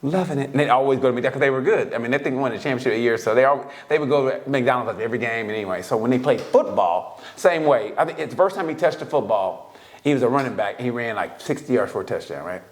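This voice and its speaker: A man's voice: mid-range voice, quick pace. A man on a podcast telling stories casually, swearing and laughing often. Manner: relaxed storytelling, profane, laughs often. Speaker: podcast co-host. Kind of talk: casual chat.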